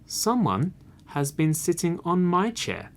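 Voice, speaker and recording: Storybook mother bear, measured and raised in pitch, slow lines, a man putting her on. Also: very animated, exaggerated voice. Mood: puzzled. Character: middle-sized mother bear, calm. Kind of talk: storybook reading.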